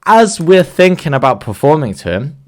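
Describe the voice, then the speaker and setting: Animated British man telling stories. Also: a little high, normal speed. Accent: British English. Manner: animated storyteller, swears freely, acts out voices. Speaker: podcast co-host. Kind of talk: casual chat.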